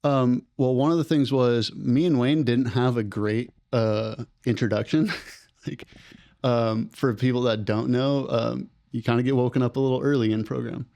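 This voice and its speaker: A young man, a former program participant, telling his story in a casual, rambling way on a podcast and getting animated when he quotes others. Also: mid-range voice, normal speed, vocal fry, no echo. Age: young adult.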